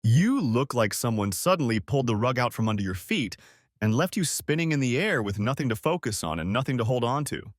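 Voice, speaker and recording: A man's voice: mid-range voice, big pitch swings, a little fast, dry recording, studio quality. A man voicing a heartbroken young wife who whines and begs, in a storybook reading. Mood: pleading. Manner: whining, begging, tearful.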